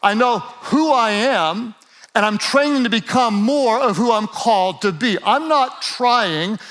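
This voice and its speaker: A man preaching a sermon to a live audience. He is energetic and playful, acts out quoted voices, and builds up to shouts. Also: very high-pitched, measured pace. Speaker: pastor.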